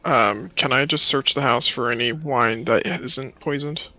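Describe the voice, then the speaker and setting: A man's voice: mid-range voice, a little slow, bright, forceful tone. A man playing a tabletop game who asks hesitant questions about the map. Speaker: player.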